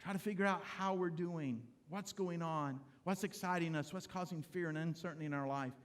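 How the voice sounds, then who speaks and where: A man's voice: a little high, brisk. A middle-aged man, a pastor, giving a conversational, humorous sermon in a church and speaking straight to the congregation. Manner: conversational, humorous preaching addressing the congregation directly. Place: church sanctuary.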